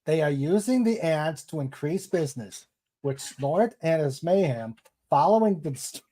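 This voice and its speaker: Male stream host, slightly raised pitch, slow easygoing delivery, reads comments aloud. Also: a little mellow. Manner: unhurried, chatty, laughs at jokes. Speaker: livestream host. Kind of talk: casual chat, reading viewer comments aloud.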